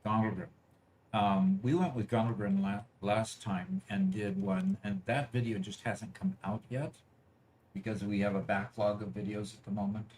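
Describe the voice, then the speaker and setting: A man's voice: fairly low pitch, normal speed, darkish tone, slight background noise. A man hosting a casual gaming livestream, talking with a hesitant, filler-heavy manner. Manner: hesitant, lots of fillers and restarts. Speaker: host of a gaming channel.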